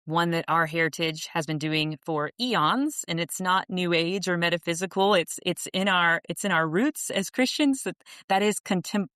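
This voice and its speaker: Podcast guest: woman, lowish voice, earnest and reflective, casual talk with restarts, dry close sound. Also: a bit bright, clear, resonant tone, dry recording. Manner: earnest and reflective, many restarts, laughs easily. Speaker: podcast guest, author and coach. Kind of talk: casual interview conversation.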